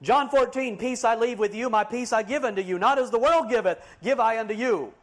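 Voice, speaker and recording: A man preaching a fiery sermon, swinging between loud, emphatic declarations and hushed, quiet asides. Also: very high-pitched, a little fast.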